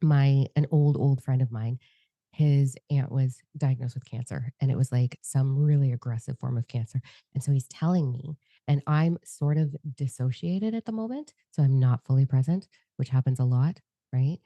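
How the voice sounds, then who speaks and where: This is a woman with a very low, dark voice who talks fast and swears freely in open podcast chat. She speaks as if nothing gets filtered on its way out. The sound is dry and close. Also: dry recording. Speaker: podcast co-host and psychic medium. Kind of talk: candid casual conversation.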